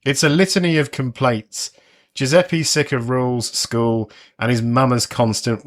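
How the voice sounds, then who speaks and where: A man's voice: medium pitch, fairly even intonation, a little slow. Wry man in his forties narrating. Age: 40s. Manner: wry, conversational commentary with a sardonic edge. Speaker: music podcast host. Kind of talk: scripted narration.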